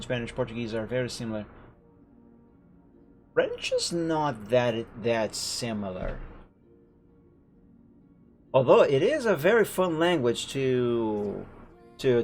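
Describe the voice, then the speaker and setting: While playing a driving game live, a medium-pitched young man speaking English with a foreign accent rambles chattily and keeps self-correcting. Behind his casual stream chat, lofi music plays loudly along with the sound of a truck engine.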